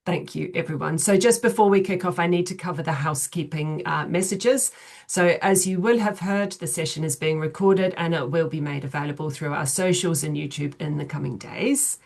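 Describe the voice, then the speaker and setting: Woman, middle-aged, webinar host, lowish voice, measured, frequent ums, video call. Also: creaky, a little mellow. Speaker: chief executive hosting a webinar. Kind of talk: hosting an online webinar.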